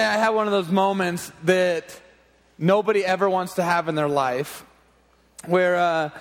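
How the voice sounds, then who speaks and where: Male youth pastor, 30s, lively anecdote in a reverberant hall. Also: high voice. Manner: animated, laughing anecdote telling. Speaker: junior high pastor. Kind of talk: storytelling sermon.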